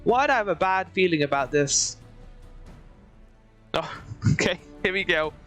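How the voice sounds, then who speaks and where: A woman giving playful, excitable let's-play commentary between reading game dialogue aloud. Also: on the low side, unhurried, soft background music. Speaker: game streamer.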